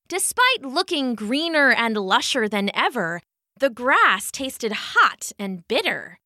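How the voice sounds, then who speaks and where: Woman storyteller, high bright voice, slow expressive children's story reading, dry close sound. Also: no room sound.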